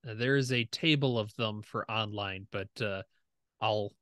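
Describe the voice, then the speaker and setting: A young man running a tabletop game, explaining rules in a relaxed way with fillers. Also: on the low side, measured pace, no room sound, studio quality. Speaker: game master.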